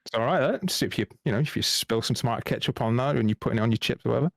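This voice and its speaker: A man's voice: mid-range voice, racing, gravelly, dry recording, studio quality. A man on a podcast as a guest, telling a crude story in casual chat and laughing at his own punchlines. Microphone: remote call.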